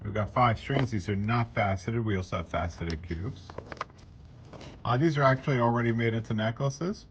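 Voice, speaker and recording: A man's voice: lowish voice, very animated, moderate pace, dull audio, background noise. A man, a bead shop owner walking through his weekly specials in rambling, jokey sales patter while holding the camera himself. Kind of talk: casual product showcase. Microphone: handheld camera he is holding himself. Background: loud background music.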